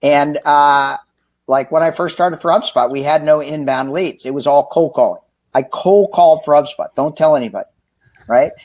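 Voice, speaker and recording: A man telling a lively, joking story in a livestream interview, acting out the people he quotes. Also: a little high, moderate pace. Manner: animated, acts out quoted dialogue, jokey. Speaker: author and sales executive. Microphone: remote livestream call.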